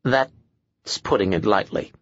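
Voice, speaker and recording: A man's voice: fairly low pitch, slow pace, a bit bright, dry recording, muffled recording, exaggerated voice. A man voicing a pedantic, precise male scholar in an audiobook, who speaks with dry gloom.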